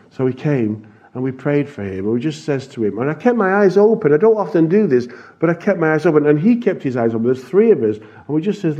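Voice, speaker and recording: A man's voice: on the high side, animated, fast talker, mellow. A man earnestly telling a congregation a testimony from his mission work, with some restarts along the way. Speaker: church missions speaker. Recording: dull lo-fi recording.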